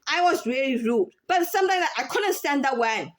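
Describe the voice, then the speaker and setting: Woman in her 30s or 40s, high voice, rambly, tons of "like" and restarts. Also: animated. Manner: halting, full of "like" fillers and restarts. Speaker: former store employee. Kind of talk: casual unscripted monologue.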